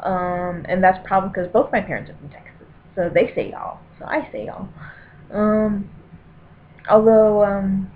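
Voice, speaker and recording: A woman's voice: medium pitch, normal speed. Chatty woman with a Denver accent, tinny recording. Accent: Denver, Colorado. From Colorado, USA. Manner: chatty, self-deprecating, rambling asides. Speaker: vlogger doing an accent tag. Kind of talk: casual reading and chat to camera. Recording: very tinny, lo-fi with faint hiss.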